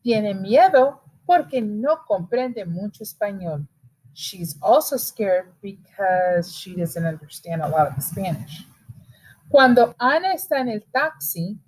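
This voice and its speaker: Lady teacher reading a story out loud, patient, kinda high voice, explains each bit. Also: low-quality recording. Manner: patient, switching between reading and casual explaining. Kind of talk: reading a Spanish reader aloud with English explanations.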